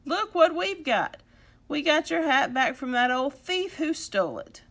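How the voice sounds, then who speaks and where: A woman voicing two excitable young boys in a storybook read-aloud. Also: high-pitched, normal speed, gravelly, voice pushed up, full character voice. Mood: excited.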